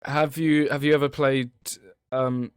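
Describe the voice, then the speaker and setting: A man's voice: medium pitch, level tone, measured pace, clean tone, no room sound, clean studio sound. A man co-hosting a casual podcast live stream, talking hesitantly with lots of fillers and restarts. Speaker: podcast co-host.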